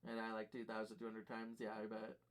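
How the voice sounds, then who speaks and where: A man's voice: fairly low pitch, monotone, fast talker. A man streaming live, ranting casually and profanely about games that beat him, rambling with fillers.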